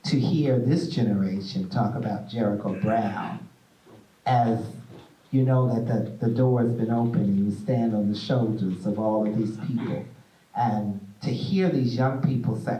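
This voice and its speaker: A man hosting a stage interview, playful and animated as he tells stories. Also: mid-range voice, measured pace, far from the mic. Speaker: host. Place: theater stage. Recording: echoey room, mic from afar.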